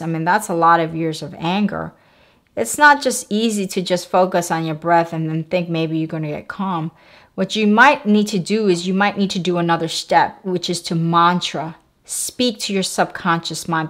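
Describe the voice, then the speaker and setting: Woman, self-help vlogger with a lowish voice, calm and repetitive, walks the listener through steps. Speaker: wellness vlogger. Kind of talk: instructional self-help talk.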